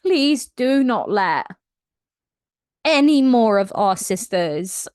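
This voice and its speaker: A woman's voice: fairly high pitch, big pitch swings, takes it slowly, darkish tone, clean tone, no room sound, clean studio sound. A woman voicing a sorrowful witch who earnestly pleads with her sister. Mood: pleading.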